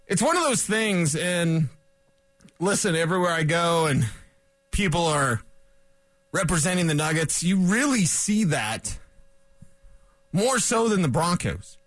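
A middle-aged man from Colorado hosting a sports radio show, talking fast and excitedly with little chuckles between thoughts. His voice sits high for a man and he sounds slightly out of breath. The mic is close and dry, with no room sound. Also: no echo. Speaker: sports talk host.

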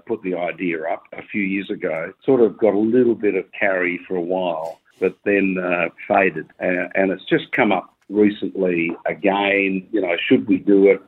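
A man's voice: deep voice, slightly rough. Earnest Australian man calling in by phone. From South Australia. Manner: earnest, halting, with many fillers. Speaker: caller. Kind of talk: phone call to a radio show. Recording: tinny phone line.

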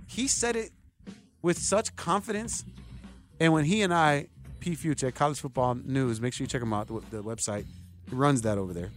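A man in his thirties hosting a sports radio show, talking casually and rambling straight to his listeners. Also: a little high. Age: 30s. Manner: rambling, chatty, addresses listeners directly. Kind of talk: casual sports talk monologue.

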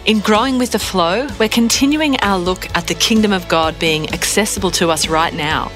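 A woman reading a scripted show introduction as the program announcer in a smooth read. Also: mid-range voice, normal speed. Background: music bed.

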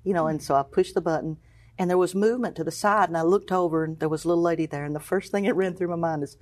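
Middle-aged woman, low-pitched voice, emotional testimony, acts out quoted voices, hushed then exclaiming. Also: fairly even intonation, quick pace. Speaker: guest, cancer survivor.

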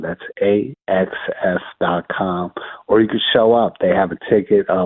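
A man's voice: deep voice, breathy edge, dry recording. A man who promotes boxing events, calling in to a radio sports show and speaking earnestly, often repeating his phrases. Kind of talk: phone-in interview. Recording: tinny phone line.

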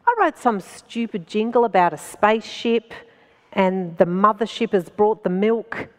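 A woman with an Australian accent, a stand-up comedian telling a story as a guest in an animated way and laughing between phrases. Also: medium pitch, unhurried, in a large hall. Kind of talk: anecdotal storytelling in conversation.

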